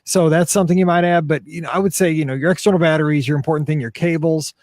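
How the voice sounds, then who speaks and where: With a fairly high, steady yet darkish voice, a middle-aged man talks fast as he co-hosts a podcast. His chat is casual, rambling and self-deprecating, and the clean studio sound carries no room noise.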